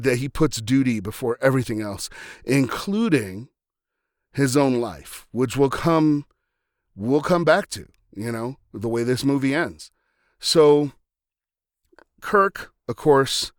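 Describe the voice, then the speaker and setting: A man's voice: mid-range voice, no echo, clean studio sound. A man hosting a podcast, talking through a film scene in a casual, rambling way with frequent restarts. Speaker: podcast host.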